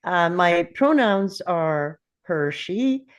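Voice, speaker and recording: Slow, low-voiced older woman. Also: animated, clear, resonant tone. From central Alberta, Canada. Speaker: table read participant. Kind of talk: casual self-introduction.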